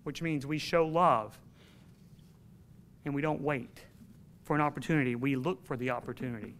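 A man's voice: mid-range voice, normal speed, a bit bright. A man preaching a sermon to his congregation in an earnest, emphatic way, telling a personal story.

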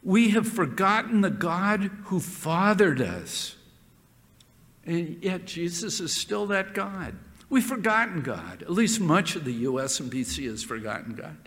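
Animated preacher man in a reverberant hall. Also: high voice, a little slow. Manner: animated, stressing words and repeating phrases. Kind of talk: sermon.

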